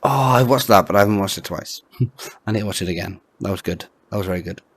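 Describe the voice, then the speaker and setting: A man's voice: low voice, fast talker, breathy edge, dry recording. A man co-hosting a casual podcast chat at home, hesitant and full of stammered restarts. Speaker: podcast co-host.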